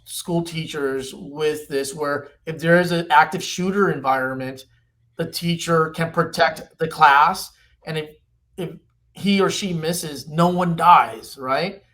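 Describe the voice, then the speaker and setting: Higher-voiced man telling animated stories. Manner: animated storyteller, pitchy. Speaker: company executive guest. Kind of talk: podcast interview.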